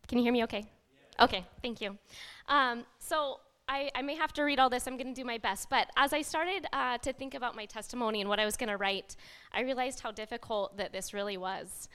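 Nervous woman with a bright, resonant voice. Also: a little high, brisk, smooth, long reverb tail. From Washington State, USA. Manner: nervous, many ums, soft-spoken. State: slightly shaky voice. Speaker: church member giving a testimony. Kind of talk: personal testimony, partly read aloud. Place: church sanctuary, up front.

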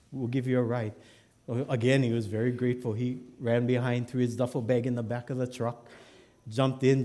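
Animated storytelling pastor, a man. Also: medium pitch. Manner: animated storyteller, shifts from loud to hushed. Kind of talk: sermon, telling a joke story.

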